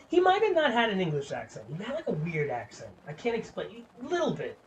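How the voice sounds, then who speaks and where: A man's voice: high-pitched, huge pitch swings, fairly quick, hardly any pauses. A man streaming a game, chatting in a casual, rambling way, swearing freely and filling with "like". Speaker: gaming streamer.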